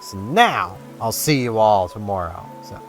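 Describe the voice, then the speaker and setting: A man's voice: lowish voice, expressive, measured pace. A man rambling casually while playing a video game, chatty and self-deprecating, with game music behind him. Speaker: gaming vlogger. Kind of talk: casual gameplay commentary.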